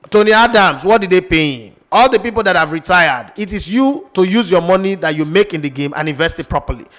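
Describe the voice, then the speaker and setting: Nigerian male sports talk host, high, rapid, emphatic, opinionated. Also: lively intonation. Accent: Nigerian English. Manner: forceful, emphatic, rhetorical questions.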